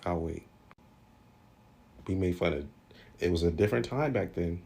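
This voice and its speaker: A man's voice: sits low, normal speed, gravelly, darkish tone. A young man in a blunt, exasperated casual rant, swearing freely. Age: young adult. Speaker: commentator. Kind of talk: casual social media rant.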